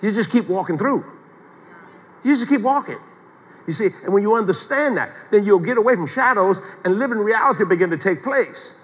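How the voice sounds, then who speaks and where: A man's voice: high voice, a little fast. Older man preaching in a reverberant hall. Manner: folksy, animated preaching with humor and acted quotes. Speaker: pastor. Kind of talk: sermon.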